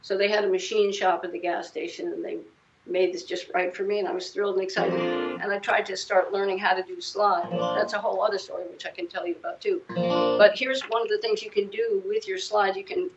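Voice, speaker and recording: A woman's voice: medium pitch, fairly even intonation, a little fast, muffled recording, loud music behind the voice. A woman in her seventies, a guest musician, chatting casually in an interview and telling rambling anecdotes full of restarts. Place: living room at home.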